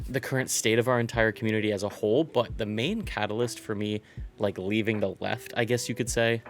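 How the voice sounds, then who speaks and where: Rambling chatty young man. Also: lowish voice. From Virginia, USA. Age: 20s. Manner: rambling, chatty, swears and laughs often. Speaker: vlogger. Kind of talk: casual opinion vlog.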